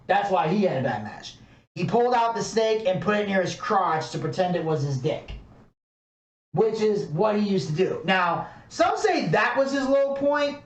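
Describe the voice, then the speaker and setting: A man co-hosting a podcast, telling a story casually with lots of fillers and swearing. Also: high voice. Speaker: podcast co-host. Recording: echoey room, distant mic.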